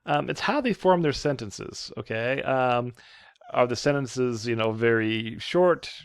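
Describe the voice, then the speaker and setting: A man's voice: mid-range voice, expressive, a little slow, clean tone, no echo, clean studio sound. A man who teaches writing, giving a casual, rambling lecture full of fillers and restarts. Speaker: writing professor. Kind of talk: lecture with slides.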